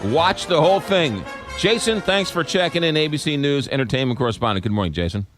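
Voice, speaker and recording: A man's voice: fairly high pitch, lively intonation, a little fast, over music. A man hosting a radio talk show, conversational and questioning, with fillers as he talks. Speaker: radio host.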